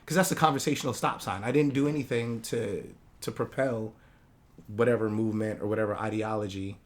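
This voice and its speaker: A man's voice: on the low side, fairly even intonation, a little fast. A man who grew up in Hawaii, a podcast guest talking casually and reflectively, often searching for his words. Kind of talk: casual conversation.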